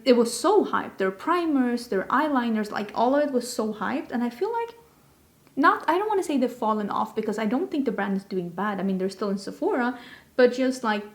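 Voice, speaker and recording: A woman's voice: fairly high pitch, darkish tone. A woman hosting a casual beauty vlog, chatty and rambling, with self-deprecating asides. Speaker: beauty vlogger host. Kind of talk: casual chat.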